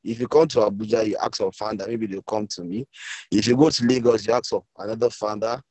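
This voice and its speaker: Guy on a phone call, low-ish voice, stumbling, repeats himself, dry sound. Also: fairly even intonation, a little mellow, breathy edge, no room sound. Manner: halting, emotional, repeats himself. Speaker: guest speaker, author's brother. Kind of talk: emotional speech on a video call. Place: village, weak network.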